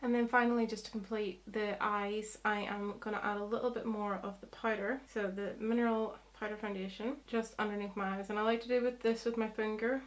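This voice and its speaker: A woman's voice: medium pitch, little pitch movement, a little fast, few pauses, faint music behind. A young woman, chatting through a makeup tutorial as a beauty vlogger, explaining each step.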